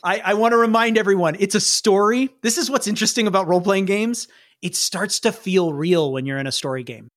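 A man's voice: high-pitched, brisk, a bit bright. A man running a tabletop role-playing game as game master, chatting casually and laughing often. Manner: casual, laughing, restarts mid-sentence.

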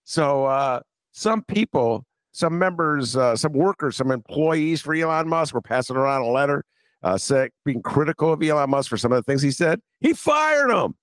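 A man's voice: on the high side, normal speed, no room sound, clean studio sound. A man hosting a casual radio talk show, joking, laughing and breaking into bits of song. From Chicago. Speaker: podcast host.

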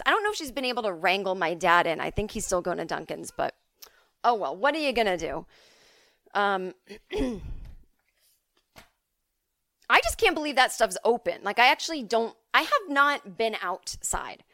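A woman's voice: mid-range voice, very animated, normal speed, long pauses, a bit bright, no echo. A woman talks through a rambling, chatty monologue in a medium voice. She jokes at her own expense. The sound is dry and close. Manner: rambling, chatty, self-deprecating. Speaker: podcast host. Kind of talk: casual comedic monologue.

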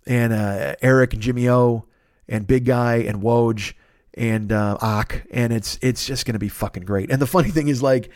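A man in his fifties hosting a casual solo podcast, rambling and swearing as he tells animated stories. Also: medium pitch, normal speed, no room sound, studio quality. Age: 50s. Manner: profane, rambling, animated storytelling. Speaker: podcast host.

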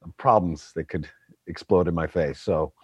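A man's voice: sits low, normal speed, darkish tone, slightly rough, dry recording. A male voice actor telling stories about his work in a self-deprecating, casual way. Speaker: guest voice actor. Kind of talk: casual interview chat.

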